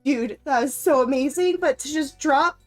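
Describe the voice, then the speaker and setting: A woman's voice: high-pitched, normal speed, faint music behind. Emotional, laughing woman streamer. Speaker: game streamer. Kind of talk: casual live-stream chat.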